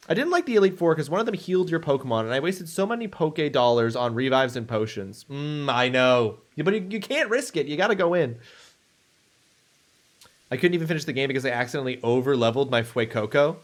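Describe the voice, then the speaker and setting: A man's voice: on the high side, fairly bright tone. A man streaming a video game live, chatting upbeat with viewers and thanking them energetically. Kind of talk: casual live stream chat.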